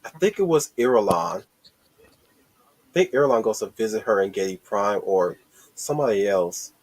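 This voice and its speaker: A man hosting a casual movie discussion stream, excited and rambling, with lots of restarts and swearing. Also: on the low side, moderate pace. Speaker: host.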